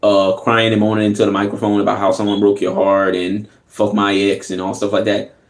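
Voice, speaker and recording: A man hosting a reaction video, talking casually in an animated, slangy way and laughing often. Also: on the low side, quick pace. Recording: echoey room.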